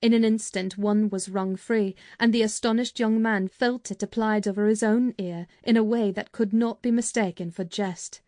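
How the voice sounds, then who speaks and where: This is scripted audiobook narration by a woman at a medium pitch, delivered evenly and with measure. The studio sound is clean, with no room sound at all.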